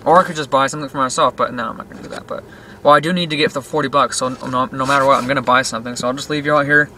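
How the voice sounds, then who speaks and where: A young man in his late teens talks from inside a parked car at an ordinary, mid-range pitch. He rambles from one thought to the next, full of fillers, "dude" and "freaking." Car and road noise comes through clearly behind his voice. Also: steady tone, racing, sharp tone. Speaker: vlogger. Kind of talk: casual rambling vlog talk.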